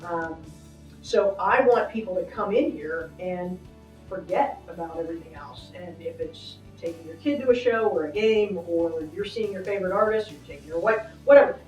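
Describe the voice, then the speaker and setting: A woman's voice: lowish voice, moderate pace, darkish tone. A middle-aged woman managing an arena, chatting casually and upbeat with many fillers while giving a backstage tour. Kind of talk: casual walking interview. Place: backstage in a large indoor arena. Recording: echoey, from a distance, faint music.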